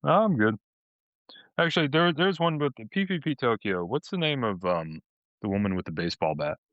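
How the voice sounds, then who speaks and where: A man's voice: medium pitch, lively intonation, moderate pace, no room sound. A man from co-hosting a podcast, telling stories casually with lots of restarts. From Boston. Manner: rambling storytelling with frequent restarts. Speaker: podcast co-host. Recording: dull lo-fi audio.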